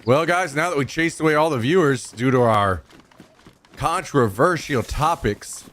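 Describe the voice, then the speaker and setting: A man's voice: a little high, expressive, a little slow, a bit bright, a little hiss or hum. A man from Missouri with a Southern accent, rambling in casual chat while streaming a game. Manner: rambling, drawling, trails off mid-sentence.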